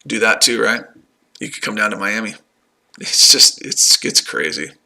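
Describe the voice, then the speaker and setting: A man's voice: fairly low pitch, normal speed, gravelly, bright, forceful tone. A man in his forties talking casually on a livestream, combative and taunting, repeating himself. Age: 40s. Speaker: livestream host.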